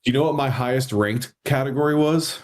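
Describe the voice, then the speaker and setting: Hesitant man thinking out loud. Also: mid-range voice, fairly quick. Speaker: podcast co-host. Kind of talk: casual chat.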